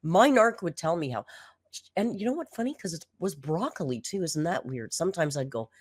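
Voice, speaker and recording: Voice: medium pitch, lively intonation, a little fast, dry recording. A commentary host reacting to a food video, sarcastic, exasperated and blunt.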